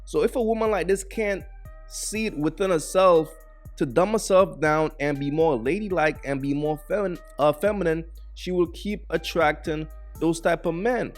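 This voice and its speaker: A man's voice: fairly high pitch, normal speed, soft background music. A man hosting a reaction video, giving blunt, mocking, opinionated commentary on clips.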